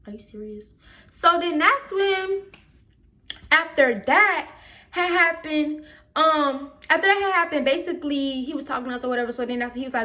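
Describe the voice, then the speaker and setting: High-voiced teen girl telling a story. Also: moderate pace. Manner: animated retelling with quoted voices. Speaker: vlogger. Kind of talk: casual storytime.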